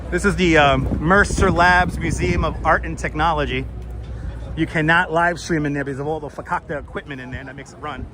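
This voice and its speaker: A man's voice: on the high side, a little fast, over music. A man with a Brooklyn accent hosting a casual live-stream walking tour, joking and swearing as he chats with viewers. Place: outdoors on busy city streets. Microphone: wireless clip-on mic. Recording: loud city street noise.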